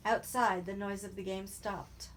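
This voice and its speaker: A woman reads a novel aloud at a mid pitch, steady and even. There is a faint hiss of noise under her voice. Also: a little slow. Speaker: reader.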